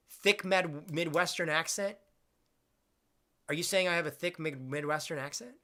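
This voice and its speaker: Bright-voiced man rambling on a live stream. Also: fairly high pitch, normal speed, pauses often. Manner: rambling and blunt, swears casually, reads chat aloud. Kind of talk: casual live-stream chat answering viewers.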